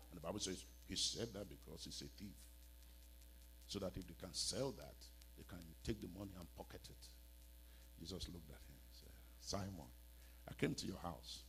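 A man preaching a sermon, swinging from hushed storytelling to loud emphatic cries and repeating lines for effect. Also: medium pitch, sing-song, normal speed, long pauses, husky.

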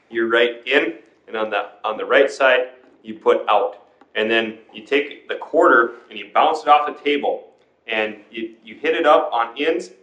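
A man's voice: mid-range voice, a bit bright. A man hosting a casual chat podcast, telling profane, rambling stories. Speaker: podcast host. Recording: roomy, dull lo-fi sound.

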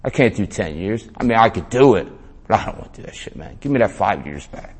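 A man's voice: lowish voice, lively intonation, fast talker, slightly rough. A man telling a story in an interview in a casual way, full of slang, swearing and "man". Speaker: interview guest.

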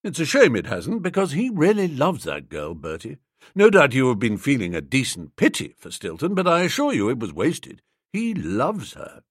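A man voicing a glib, teasing young English friend in an audiobook, with a dry, mocking manner and a husky voice. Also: mid-range voice, wildly swooping pitch, moderate pace, no room sound. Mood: musing. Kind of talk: audiobook character reading.

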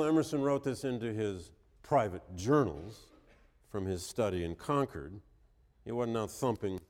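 History lecturer with a cold, wry and conversational, medium voice, echoing hall. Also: male voice, medium pitch, darkish tone. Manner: wry, conversational, reads quotes with emphasis. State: has a cold. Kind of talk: university lecture.

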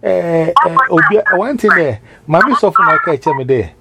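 A man's voice: on the high side, lively intonation, normal speed, creaky. A man, a minister, preaching informally and rambling as he switches languages mid-sentence. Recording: loud background noise.

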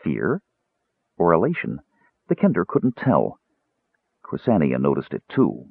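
A man narrating a fantasy story in a scripted, expressive storytelling delivery. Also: extremely low pitch, measured pace, vocal fry, husky, dry recording. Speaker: audiobook narrator. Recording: tinny phone-like band, dry.

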